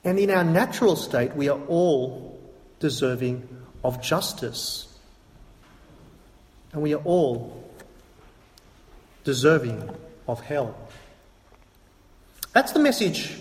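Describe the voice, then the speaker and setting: A man preaching a sermon to a congregation, emphatic and repetitive, asking rhetorical questions. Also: high-pitched. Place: church hall. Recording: echoey hall from a distance.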